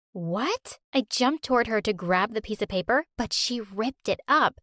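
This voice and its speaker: A woman narrating an animated story in an expressive, youthful way. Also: a little high, moderate pace, few pauses, dry recording, clean studio sound.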